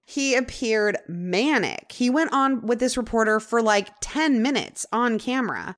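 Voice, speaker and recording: A young adult woman hosting a podcast, telling a true-crime story in a casual, chatty way. She uses many "like" fillers and drops into dramatic pauses. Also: on the high side, a bit bright. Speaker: podcast host.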